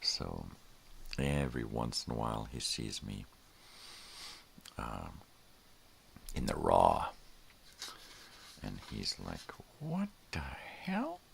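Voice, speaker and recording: A man's voice: a bass voice, slow pace, creaky, long pauses, slight background noise. An older man hosting a casual morning livestream, rambling in a laid-back way and drifting off into mumbles. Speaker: host.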